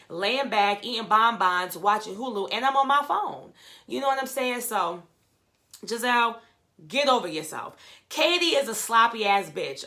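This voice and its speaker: Blunt, profane woman doing a TV recap. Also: mid-range voice. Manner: blunt, profane, animated trash talk. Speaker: reality TV commentator. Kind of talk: casual recap commentary. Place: home room.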